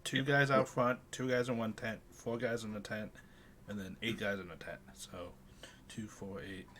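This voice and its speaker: A man with a lowish, bright, forceful voice, running a tabletop game as game master. He rambles and counts things out loud, over a faint ambient hum. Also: fairly even intonation, normal speed. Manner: counting aloud, loose and rambling.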